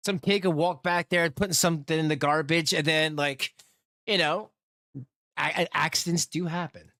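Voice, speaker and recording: A man's voice: a little high, steady tone, moderate pace, pushed and bright, no room sound, studio quality. A man giving casual, rambling reaction commentary as a streamer.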